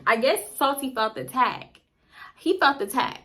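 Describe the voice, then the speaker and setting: A woman telling a storytime vlog, animated and profane, acting out every voice herself. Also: high voice, normal speed. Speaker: storytime vlogger.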